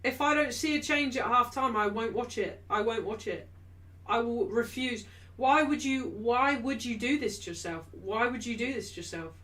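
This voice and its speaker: A young woman with a high-pitched voice talks through a live football match for her viewers. Her tone is bright and sharp. She rants and repeats herself in frustration at her team. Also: normal speed. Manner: exasperated, repetitive ranting about her team; shouting in frustration. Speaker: football watchalong host. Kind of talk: live match watchalong commentary.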